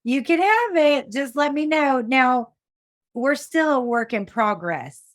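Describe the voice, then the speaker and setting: A woman hosting a podcast interview, warm-hearted and chatty, often restarting her sentences. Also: high-pitched, animated, slow pace, dry recording, clean studio sound. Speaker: podcast host.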